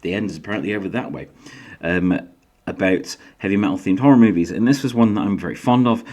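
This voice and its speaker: Deep-voiced man with faded Yorkshire accent. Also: quick pace. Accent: faded Yorkshire English. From Yorkshire, England. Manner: chatty, self-deprecating, lively pitch jumps. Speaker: YouTube host and author. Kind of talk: casual solo vlog.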